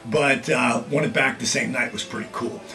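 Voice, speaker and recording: A middle-aged man hosting his own video blog, telling casual stories with lively acted-out quotes. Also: medium pitch, moderate pace. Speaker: vlog host, former wrestler. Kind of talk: casual storytelling.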